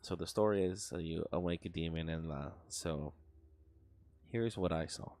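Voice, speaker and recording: A man's voice: low-pitched, normal speed, a little mellow, no room sound. A young man streaming live, telling a story in a rambling, profane way, full of fillers and sound effects.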